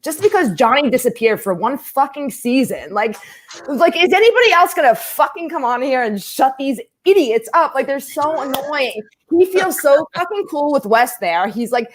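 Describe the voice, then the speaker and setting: A woman's voice: high-pitched, very animated, normal speed. A woman hosting a podcast, chatting casually and ranting bluntly with heavy swearing. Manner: blunt and heavily profane, ranting. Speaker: podcast host. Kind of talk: casual chat.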